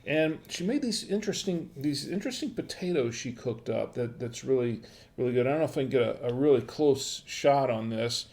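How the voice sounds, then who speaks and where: A man's voice: mid-range voice, animated, fairly quick, a little mellow. A man hosting a casual wine-tasting livestream from home, rambling with lots of fillers and restarts, friendly and chatty with his viewers. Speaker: wine review livestream host. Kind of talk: casual live-stream chat.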